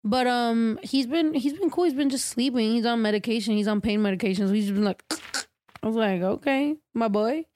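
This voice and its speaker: A young woman co-hosting a podcast, chatty and expressive, swearing and laughing easily. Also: fairly high pitch, a little fast, slight background noise. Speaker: podcast co-host. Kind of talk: casual chat.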